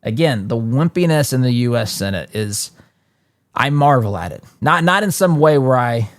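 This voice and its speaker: A man hosting a political talk show, reading news reports aloud and adding quick, emphatic asides with frequent restarts. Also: medium pitch, animated, no room sound. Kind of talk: political commentary monologue.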